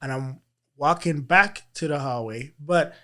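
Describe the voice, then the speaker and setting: A teacher appearing as a guest in a sit-down interview shares a personal experience in a slightly high, fairly bright voice. He speaks earnestly but haltingly, often restarting his sentences.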